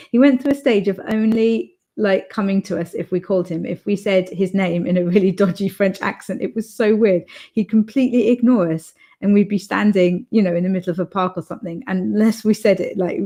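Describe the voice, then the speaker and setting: A woman's voice: mid-range voice, darkish tone. Chatty woman hosting a writing stream. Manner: chatty, rambling with fillers and restarts. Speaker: author livestream host. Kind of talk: casual chat reading live comments.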